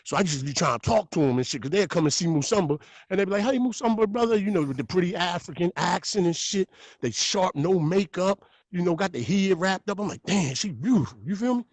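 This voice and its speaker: A man talking as a podcast guest, telling stories in a lively, profane way. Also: high voice, brisk, breathy edge, no echo. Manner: animated, profane storytelling. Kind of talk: casual podcast talk.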